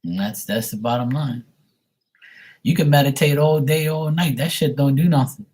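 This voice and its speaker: A man's voice: medium pitch, moderate pace, darkish tone. A man who reads tarot on a live stream, ranting bluntly and profanely to his viewers. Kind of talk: casual rant to viewers.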